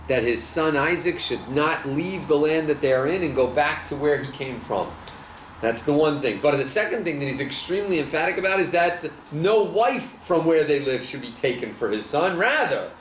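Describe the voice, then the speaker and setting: A man's voice: a little high, slight background noise. A man, a rabbi, teaching a Torah class to a small live group, reading verses and questioning his listeners with energy. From United States. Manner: animated, poses questions to listeners. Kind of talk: Torah study lesson, reading verses and explaining. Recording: echoey room with faint ambience.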